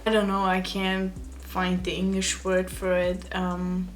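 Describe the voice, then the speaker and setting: A woman's voice: on the low side, monotone, a little slow. A young woman with a German accent, a native German speaker, chatting casually to her camera as a beauty vlogger, giggling, apologizing and searching for English words.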